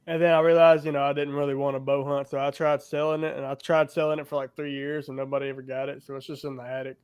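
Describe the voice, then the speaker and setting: A man's voice: mid-range voice, flat delivery, fast talker, darkish tone, clear, resonant tone. A man hosting a podcast, rambling in casual chat with many fillers. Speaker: podcast host.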